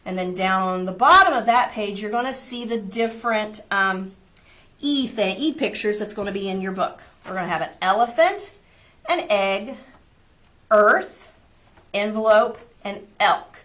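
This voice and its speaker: A woman who teaches preschool, reading a children's picture book aloud and then leading a phonics lesson in a clear, encouraging way. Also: medium pitch, lively intonation, normal speed, bright, forceful tone.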